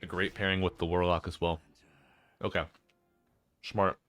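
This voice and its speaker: Laid-back deep-voiced male caster. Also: flat delivery, normal speed, fairly bright tone, dry recording, soft background music. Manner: chatty, laid-back, reads out chat names. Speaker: esports caster. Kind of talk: casual live-stream commentary.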